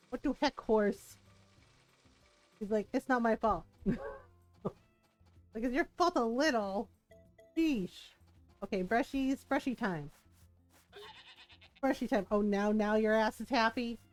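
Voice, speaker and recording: Giggly lady gamer rambling thru her stream, kinda high voice, slow and easy, little game music behind. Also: a little mellow. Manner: giggly, laughs often between rambling remarks. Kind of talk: casual chat while playing a video game.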